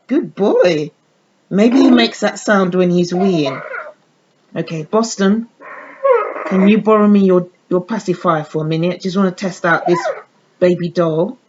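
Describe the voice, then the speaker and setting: At a measured pace and in a lowish voice, a woman chats through a casual unboxing demo of a baby doll, using baby talk on the dolls. The audio is muffled and lo-fi, with a faint background hiss.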